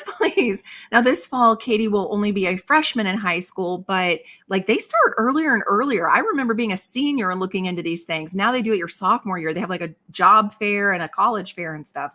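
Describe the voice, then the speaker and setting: A bubbly woman in her thirties chats casually as a livestream host and reads out viewer comments. Her voice is bright and forward, and she laughs often. She sounds like she is at home on a desk mic. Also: mid-range voice.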